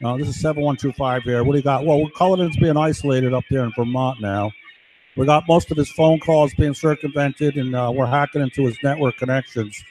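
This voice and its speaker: A man's voice: medium pitch, brisk, darkish tone, a little hiss or hum, voice pushed down, close to an everyday voice, rough recording. A man imitating a male surveillance operator reporting over a radio channel in terse chatter. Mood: clipped radio chatter.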